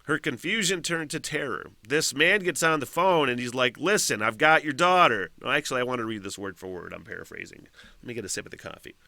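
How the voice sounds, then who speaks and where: Bright, dry-sounding podcast host, a man. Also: mid-range voice, quick pace, gravelly, no room sound. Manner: profane, animated, reacts with laughs and asides. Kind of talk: casual solo podcast commentary, reading a news story aloud.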